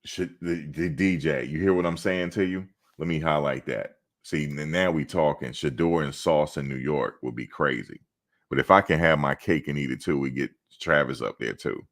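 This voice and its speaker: A man's voice: very deep voice, moderate pace. A man hosting a sports livestream, chatting casually and teasing the viewers who comment. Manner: teasing, talks back to chatters. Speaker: sports channel host.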